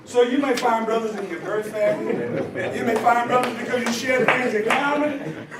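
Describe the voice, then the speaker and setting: A man telling a story as a conference speaker, sermon style, animated and often shouting for emphasis. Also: very high voice, moderate pace, very noisy. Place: church conference hall. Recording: echoey hall from far off.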